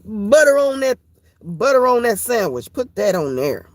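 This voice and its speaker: Slow, lively woman leading Bible study. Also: on the high side, no room sound. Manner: repetitive, playful, laughs often. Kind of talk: informal Bible study talk.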